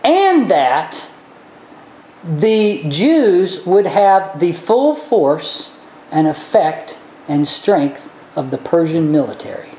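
A woman delivers a sermon at an unhurried pace, retelling scripture in an animated way. She throws her voice high and low as she acts out each character. The room around her is echoey. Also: a little hiss or hum. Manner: animated, acts out characters with big pitch swings. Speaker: preacher. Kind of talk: sermon storytelling.

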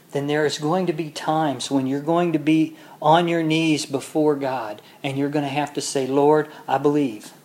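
A man preaching a sermon, reading scripture slowly and building to loud, emotional peaks before dropping back to a quiet, measured tone. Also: a little high.

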